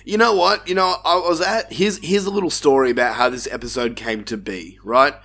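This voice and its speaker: An Australian man hosting a laid-back podcast, clearly sick with the flu. His voice keeps cracking and gets raspy on the low notes, and he laughs often and swears casually between his lines. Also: a little fast, bright, forceful tone. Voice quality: raspy when speaking low. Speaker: podcast co-host.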